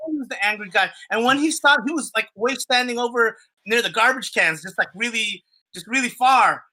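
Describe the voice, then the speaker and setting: A man chatting on a podcast, spinning a story in loose, rambling fashion. His voice is very bright, and he swears freely and leans on fillers and restarts. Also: very high voice, a little fast. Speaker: podcast co-host. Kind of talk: casual storytelling chat.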